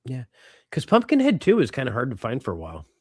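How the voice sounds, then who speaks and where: Casting: middle-aged male podcast co-host, lively swings in pitch, dry close sound. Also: fast, breathy edge, dry recording. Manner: animated, swearing, laughs often. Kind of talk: casual chat.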